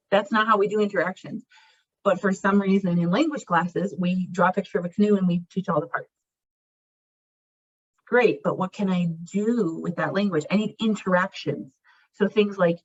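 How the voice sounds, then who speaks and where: Woman giving a language teaching talk, chatty, a bit husky, muffled lo-fi sound. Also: medium pitch. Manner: conversational, explains with acted example phrases. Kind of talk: recorded presentation lecture. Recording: muffled lo-fi recording.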